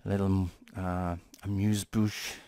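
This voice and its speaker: A man's voice: low-pitched, flat delivery, a little slow, mellow, no room sound, studio quality. A man hosting a tech channel, chatting casually in a rambling, playful way with frequent self-corrections. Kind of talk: casual vlog commentary.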